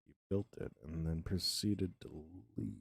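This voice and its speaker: A man's voice: rumbling low, lively intonation, measured pace, creaky, breathy edge, no room sound. A man streaming a block-building game, chatting casually with dry, self-mocking sarcasm. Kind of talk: casual live gameplay commentary.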